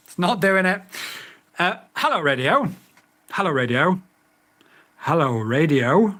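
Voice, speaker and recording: Exasperated man with swinging pitch. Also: expressive, unhurried, long pauses, sharp tone. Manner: exasperated, swearing, repeating voice commands. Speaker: vlogger reviewing a drone radio. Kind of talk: casual product review.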